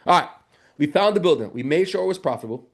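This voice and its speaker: Male business trainer, lively and joking, fairly high voice, chatty live workshop delivery. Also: quick pace, creaky. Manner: energetic, joking, addresses audience as y'all.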